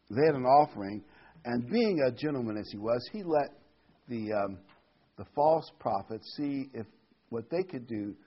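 Husky-voiced preacher with lively delivery. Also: male voice, fairly low pitch, dull audio. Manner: conversational, restarts often, animated storytelling. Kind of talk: informal sermon.

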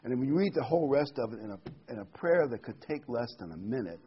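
A man's voice: medium pitch, sing-song, fast, husky, muffled recording. A man preaching an informal sermon, talking conversationally and telling the story with restarts and asides.

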